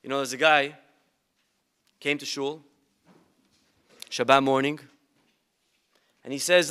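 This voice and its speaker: A man's voice: medium pitch, level tone, normal speed, pauses often, bright, forceful tone, smooth. A male rabbi giving a humorous sermon with stories and rhetorical questions to his congregation. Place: synagogue event.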